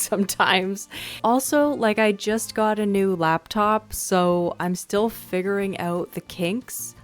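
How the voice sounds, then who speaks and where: Woman host, unhurried and effusive game commentary, throat-clearing habit, light music underneath. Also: mid-range voice. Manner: gushing, excitable, frequent exclamations; clears throat and sniffs often. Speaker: gaming video host. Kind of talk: casual gameplay commentary.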